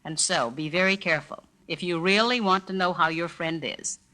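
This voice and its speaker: A woman narrating a spoken language lesson, demonstrating greetings with deliberately exaggerated inflection. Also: on the low side, pushed and bright. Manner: slow, carefully inflected, demonstrates phrases with exaggerated intonation. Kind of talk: scripted spoken-word lesson.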